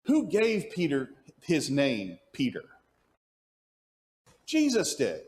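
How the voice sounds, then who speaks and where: A man leads an adult Bible class in a church classroom. His pitch rises and falls with a lively range. He poses questions to the room and answers them himself, and he often stumbles and restarts as he thinks. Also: slow. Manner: thinks aloud with frequent restarts. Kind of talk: Sunday morning Bible class teaching.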